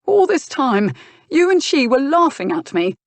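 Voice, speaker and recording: A jealous young nobleman bursts out in raised, shouting lines, his voice pitched well above the reader's own and pressed hard. A woman reads him in an audiobook. The sound is close and dry. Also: lively intonation, normal speed, no room sound, close to an everyday voice. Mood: angry. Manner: shouting, sneering outbursts. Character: young hot-headed duke, jealous and furious. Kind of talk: audiobook character voice.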